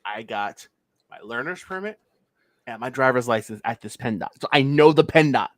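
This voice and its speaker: A man's voice: medium pitch, lively intonation, normal speed, no echo. A man from Pennsylvania hosting a casual livestream, walking through a legal filing and skipping the boilerplate. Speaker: livestream host.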